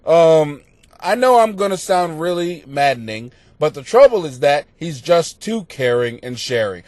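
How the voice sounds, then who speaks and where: A man hosting a comedy podcast, reading out listener questions and answering them in a crude, profane, mocking rant that swings into yelling. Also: fairly high pitch, expressive, measured pace, no echo. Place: home basement.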